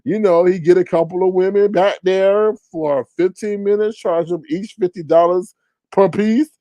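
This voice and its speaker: A man hosting casual gossip commentary, talking in an animated, incredulous way and swearing freely. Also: sits high, normal speed, dry recording, muffled recording. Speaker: commentary channel host.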